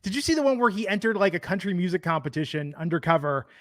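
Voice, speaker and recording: A man's voice: high-pitched, very animated, quick pace, a bit bright, no room sound. A man co-hosting a podcast in casual chat, a rambling storyteller who laughs often. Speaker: podcast co-host.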